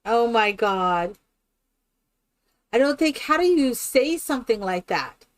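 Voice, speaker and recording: A woman's voice: on the high side, lively intonation, takes it slowly. A woman streaming a game live, chatting casually with viewers in a rambling, exclamatory way. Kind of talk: casual live-stream chat while playing.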